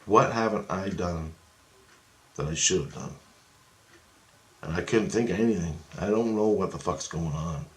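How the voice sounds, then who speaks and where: Speaking at a moderate pace with long pauses, a man whose voice sits somewhat low rambles through a first-person tale of astral travel for his vlog. He swears freely, works himself up, and imitates the people in the story, all in an echoey room.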